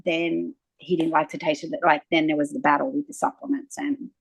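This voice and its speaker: A woman's voice: deep voice, a little fast, vocal fry, slightly rough, no echo, rough recording. A woman, a naturopath guest talking at length in an interview and acting out little exchanges as she tells stories. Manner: animated storyteller, acting out quoted exchanges. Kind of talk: conversational interview.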